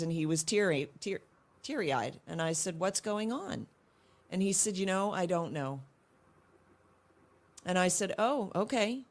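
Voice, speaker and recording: A middle-aged woman, a guest in an interview, speaking earnestly and reflectively about parenting, often restarting her sentences. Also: fairly low pitch. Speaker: guest, homeschooling mother. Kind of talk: casual interview chat.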